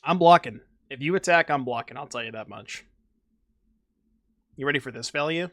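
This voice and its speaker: A man's voice: mid-range voice, normal speed, a bit bright, no room sound, studio quality. A young man streaming a card game, chatting casually with his audience and joking about himself. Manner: chatty, self-mocking, talks to chat. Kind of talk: casual gameplay commentary.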